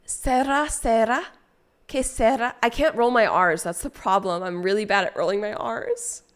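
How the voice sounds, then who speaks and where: A woman's voice: medium pitch, moderate pace, clean tone. Chatty, swearing woman streamer. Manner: swearing, chatty, rambling with fillers. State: drunk and stoned. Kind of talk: casual chat with viewers.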